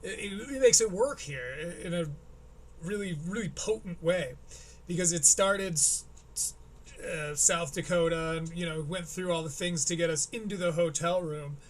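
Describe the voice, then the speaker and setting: A man's voice: sits high, moderate pace, a little hiss or hum. A male streamer giving rambling, analytical commentary on a comedy special, often breaking off mid-sentence. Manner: rambling, analytical, self-interrupting. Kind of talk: casual commentary.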